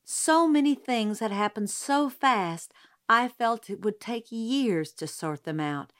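A woman narrating an audiobook in a slow, deliberate way. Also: on the high side, animated, fairly bright tone.

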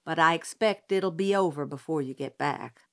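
A woman voicing a tired, firm middle-aged father who speaks in a measured way. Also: low-pitched.

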